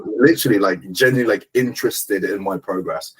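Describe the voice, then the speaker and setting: Young man, very low voice, husky tone, rambling casual storyteller, swears a lot. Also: fairly quick, low-quality recording. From London. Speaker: podcast co-host. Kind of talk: casual chat.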